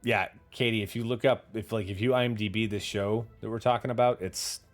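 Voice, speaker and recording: Speaking briskly in a steady tone, a man with a voice on the low side hosts a casual livestream chat as faint music plays underneath. The podcast host wanders through stories with casual swearing and replies to viewer comments.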